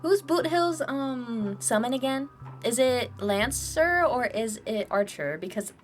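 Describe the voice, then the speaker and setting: A woman's voice: a little high, expressive, a little slow, faint music behind. A woman streaming a game playthrough, playful and bantering, laughing often while reacting to the story. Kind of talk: gameplay commentary.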